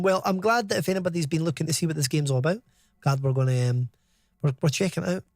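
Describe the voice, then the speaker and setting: A man's voice: sits high, normal speed, background noise. A Scottish man in his thirties giving chatty live commentary while streaming a game, reading out chat and swearing casually. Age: 30s.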